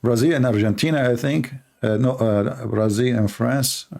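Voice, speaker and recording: A man hosting a live stream, talking in a rambling, joking way with halting, broken grammar. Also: mid-range voice, vocal fry. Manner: animated, joking, teasing, with halting non-native grammar. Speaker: live-stream show host.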